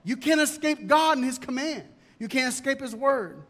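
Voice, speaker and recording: A man's voice: very high-pitched, lively intonation, normal speed, fairly bright tone. A male pastor preaching a sermon emphatically and asking rhetorical questions, in a church. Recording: long hall reverb.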